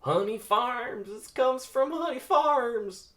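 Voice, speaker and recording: A man voicing a blustering male crook in a squeaky, shouting voice, reading a cartoon script aloud. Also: wildly swooping pitch, normal speed, full character voice. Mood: panicked. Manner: squeaky and yelling.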